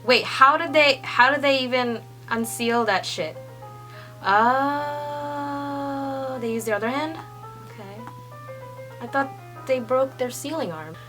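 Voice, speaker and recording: Young woman, slow and bright-voiced, excitable casual reader; faint music under her voice. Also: sits high, low-quality recording. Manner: excitable, swearing, laughing, swinging between hushed reading and squeals. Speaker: manga reaction reader. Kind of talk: casual read-along reaction.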